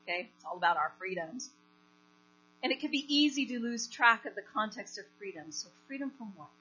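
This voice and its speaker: Woman preacher, animated storytelling, bright and forceful voice, dull lo-fi sound with a mains hum. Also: medium pitch, fairly quick, slightly rough. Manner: animated storytelling, asks the congregation questions. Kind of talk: sermon with storytelling.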